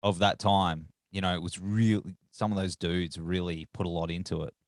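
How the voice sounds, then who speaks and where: Male host, rough morning voice, slangy and relaxed, dry close sound. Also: sits low, moderate pace, no room sound. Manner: laid-back, slangy. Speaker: podcast host. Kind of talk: casual interview chat.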